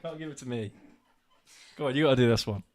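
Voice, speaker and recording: A man's voice: medium pitch, quick pace, darkish tone. A man co-hosting a casual live stream, laughing often and coaxing his partner along.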